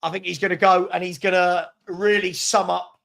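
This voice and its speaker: High-voiced man hosting a watchalong. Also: moderate pace, gravelly. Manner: animated, reacts to live chat, chuckles often. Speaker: host of a football fan watchalong. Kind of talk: live watchalong chat and match reaction.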